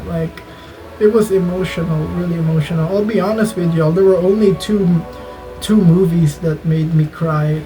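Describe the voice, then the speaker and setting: A man's voice: a little high, normal speed, low-quality recording. A man telling a casual vlog story in an earnest, rambling way, often restarting his sentences, over faint background music. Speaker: gaming YouTuber.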